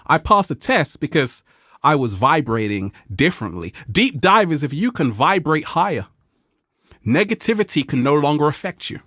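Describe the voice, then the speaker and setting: Studio-quality audio with no room sound captures this motivational vlog host at a moderate pace. He's animated and playful with his viewers, laughing a lot and mimicking quoted people in a high voice.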